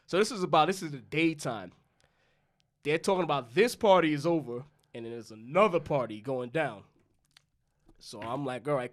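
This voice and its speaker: Young man telling a profane story. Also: mid-range voice. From New York. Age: young adult. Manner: loose, profane storytelling, acting out both sides of dialogue. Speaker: podcast co-host. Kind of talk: casual storytelling chat.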